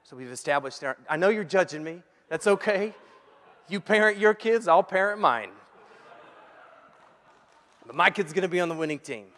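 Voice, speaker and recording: A male pastor in his thirties telling a joking story during a sermon. His voice sits a little high and he talks in an animated, playful way. The sound carries a long reverb, like a big church hall. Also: normal speed, pauses often.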